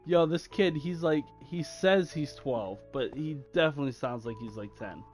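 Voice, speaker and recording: A man's voice: a little high, moderate pace, faint music behind. A young man chatting casually while he plays a game, rambling and slangy with lots of fillers. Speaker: gaming channel host.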